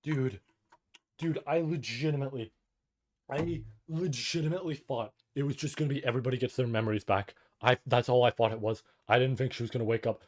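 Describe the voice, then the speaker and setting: A man's voice: medium pitch, moderate pace. A man streaming a live reading, reacting with overwhelmed, swearing, emotional outbursts. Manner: loud bursts of excitement. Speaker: streamer reading a light novel aloud.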